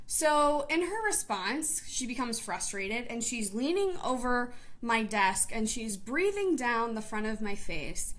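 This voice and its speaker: A woman's voice: fairly high pitch, sing-song, a little slow, few pauses, fairly bright tone. A woman in her twenties, a teacher, telling a personal story in a vlog and talking emotionally, close to tears. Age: 20s. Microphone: live stream camera.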